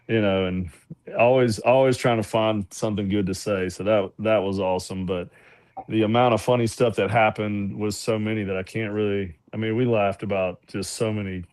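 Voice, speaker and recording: Low-pitched man, easygoing drawl, close dry mic. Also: steady tone, normal speed, darkish tone, clear, resonant tone, no echo. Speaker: climb team member. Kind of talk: casual chat.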